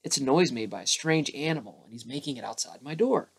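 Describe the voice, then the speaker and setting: A man doing Pooh, a mild gentle bear. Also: mid-range voice, lively intonation, brisk, vocal fry, husky. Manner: mild, puzzled.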